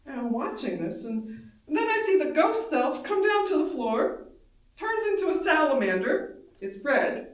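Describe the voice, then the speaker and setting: A woman giving an intense, emotional live reading of first-person dream monologues, moving between hushed and loud. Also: high-pitched, very animated, a little slow. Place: darkened live performance space. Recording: very echoey hall, voice from far off.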